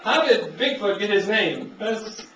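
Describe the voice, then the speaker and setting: A young male stand-up comedian with a voice high for a man rambles easily through his set on a comedy club stage, animated but a little slow, jumping into raised voices to act out characters. The recording is muffled and lo-fi, picked up from a distance in a roomy club, with audience laughter clearly audible.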